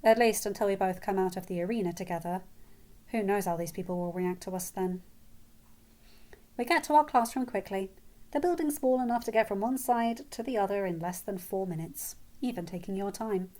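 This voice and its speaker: A woman's voice: mid-range voice, fairly quick, warm tone. A woman reading first-person fan fiction aloud as an audiobook narrator.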